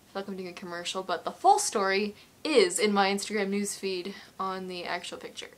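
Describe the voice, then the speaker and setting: Her voice is mid-range and brisk. In a laid-back home vlog filmed with her cat, she fields fan questions, rambling and giggling, and apologizes when recounting a story chokes her up.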